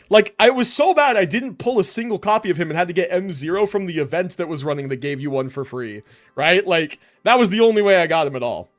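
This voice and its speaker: A young man streaming a game, talking casually and excitedly, often laughing and swearing. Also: fairly high pitch. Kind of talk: casual livestream commentary.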